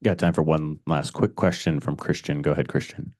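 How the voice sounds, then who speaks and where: A man with a deep voice runs the press conference and calls on reporters in a brisk, businesslike way. His voice sounds dry and close. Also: fairly even intonation, a little mellow, no echo. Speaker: team media moderator.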